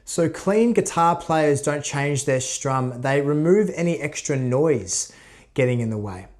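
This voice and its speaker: A man giving a casual guitar lesson, relaxed, counting beats aloud as he demonstrates. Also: fairly high pitch, measured pace. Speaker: guitar teacher. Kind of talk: casual instructional talk. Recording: loud guitar under voice. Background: guitar playing.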